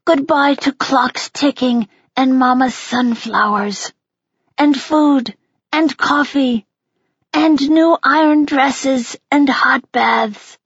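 A woman voicing a young actress giving a tearful farewell speech on stage, slow and wistful. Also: sits high, husky, no echo, lo-fi sound, full character voice.

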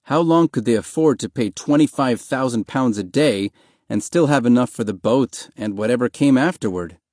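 A man reads an audiobook in a calm, even, measured way. His voice sits at a middle pitch, with nothing unusual in his tone. The recording is close and very dry. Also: no room sound. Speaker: narrator. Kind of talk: audiobook narration.

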